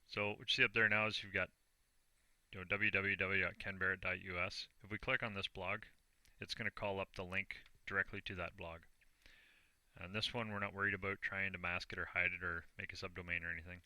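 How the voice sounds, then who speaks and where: A Canadian online business vlogger with a low voice narrates a screen-recorded tutorial step by step, talking through each click in a plain, self-deprecating way. His tone is bright and forceful yet flat in delivery, a little fast, and the recording is dry and close with no room sound.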